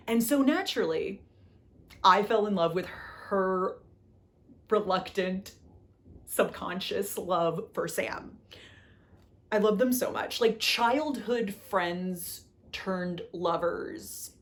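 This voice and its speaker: A young woman talks through her recent reads in a loose, chatty way at home. She gushes and fumes by turns, circles back to the same phrases, and fills her talk with "like". Her voice sits at an ordinary middle pitch for a woman. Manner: gushing and exasperated, repeats herself, lots of "like". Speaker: book vlogger. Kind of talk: casual book review chat.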